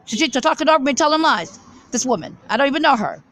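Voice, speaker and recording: A woman's voice: high voice, expressive, quick pace, a bit bright, low-quality recording. A woman giving a rambling, fervent monologue to her viewers from a coffee shop, with many restarts and stammered repeats. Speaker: vlogger.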